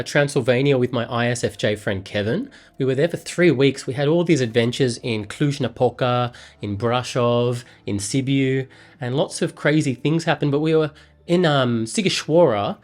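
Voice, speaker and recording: Rambling man, halting speech. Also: medium pitch. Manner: rambling, halting, with many fillers. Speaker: vlogger. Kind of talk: casual chat with an AI.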